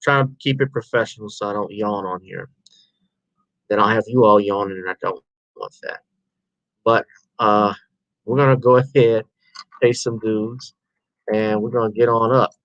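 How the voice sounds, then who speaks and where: A tired man chatting on his live stream in a loose, meandering way, often trailing off and starting over. His voice sits fairly low. It sounds dry and close, with little room around it. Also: steady tone, moderate pace, pauses often, fairly bright tone, no echo, highs cut off. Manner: rambling, loose and informal, trailing off into restarts. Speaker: livestream host. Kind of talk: casual live-stream chat.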